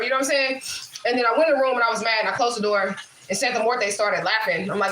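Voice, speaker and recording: A woman's voice: fairly high pitch, racing, fairly bright tone. A woman hosting a casual livestream from her home kitchen, telling loose, swearing stories with laughs. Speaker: livestream host and spiritual reader. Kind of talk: casual livestream chat while cooking. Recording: echoey kitchen with faint noise.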